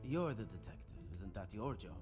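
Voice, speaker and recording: An actor voicing a sly, teasing party guest. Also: male voice, on the low side, normal speed, soft background music, lightly acted. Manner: teasing, evasive, lively.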